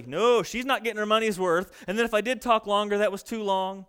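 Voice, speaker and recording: A young adult man preaching a sermon, fast-talking and animated, mimicking people in quick asides. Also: high voice, clean tone. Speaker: pastor.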